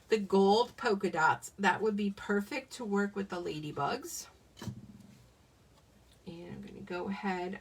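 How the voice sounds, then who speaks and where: A middle-aged woman demonstrating card-making on a live stream, chatty and self-joking, laughing often. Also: medium pitch. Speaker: craft demonstrator. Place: home craft desk. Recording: voice a bit far from the mic.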